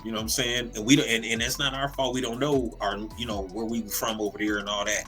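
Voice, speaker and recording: A man co-hosting a casual comedy podcast, talking in an animated, profane way, laughing often and repeating words as he goes. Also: medium pitch, quick pace, soft background music. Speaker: podcast co-host.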